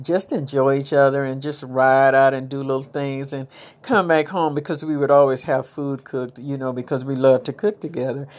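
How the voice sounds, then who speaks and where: A woman's voice: very deep voice, darkish tone. A woman hosting her own podcast, talking in a rambling, chatty way with religious phrasing. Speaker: podcast host. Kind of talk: casual inspirational podcast monologue.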